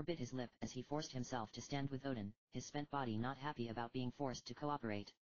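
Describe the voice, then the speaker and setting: Woman narrator, low voice, steady storytelling, dry slightly muffled recording. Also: fairly quick, few pauses, dry recording. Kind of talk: audiobook reading of fan fiction.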